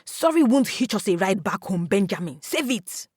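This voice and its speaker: A woman's voice: mid-range voice, very animated, normal speed, a little mellow, slightly rough, no room sound, studio quality. A woman voicing an angry, hot-tempered young man, a big brother who scolds and stutters when upset. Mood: scornful.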